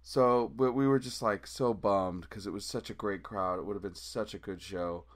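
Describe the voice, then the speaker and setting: A man's voice: lowish voice, moderate pace. A man on a podcast as a guest musician, telling a story casually and acting out the quotes. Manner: animated, acts out quotes in the story.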